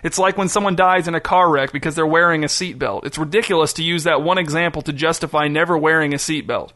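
A man's voice: a little high, quick pace, pushed and bright. A man voicing a stern father lecturing. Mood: firm. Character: stern middle-aged male roofer and father. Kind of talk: audiobook character voice.

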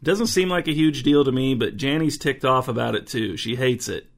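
A man's voice: medium pitch, fairly quick, gravelly, lightly acted. A man reading the lines of a defensive, irritable young father in a story.

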